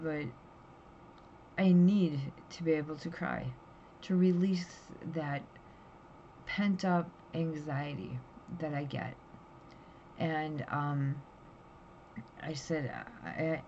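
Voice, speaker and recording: A woman's voice: deep voice, darkish tone. Tired, drowsy woman in a candid personal vlog, raw and rambling, dull lo-fi recording. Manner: raw, rambling, emotional storytelling. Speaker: vlogger. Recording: dull lo-fi audio with faint background hiss.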